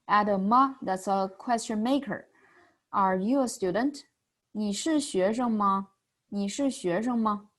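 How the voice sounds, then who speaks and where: A woman teaching a beginner language lesson, patiently modeling sounds with drawn-out, exaggerated vowels. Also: medium pitch.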